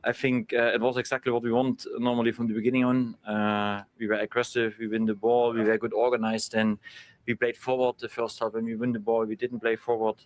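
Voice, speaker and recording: A football manager speaking haltingly in non-native English at a post-match press conference, with many fillers. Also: male voice, mid-range voice, little pitch movement.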